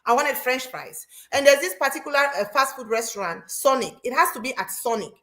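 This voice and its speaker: Woman hosting, fairly high pitch, lively storyteller who repeats phrases. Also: brisk. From Cameroon. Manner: animated storytelling, repeats herself. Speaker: host. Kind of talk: casual chat.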